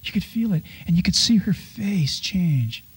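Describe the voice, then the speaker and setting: A male pastor preaching a sermon, telling stories with animated delivery and acting out people's complaints in exaggerated voices. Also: sits high, unhurried, husky.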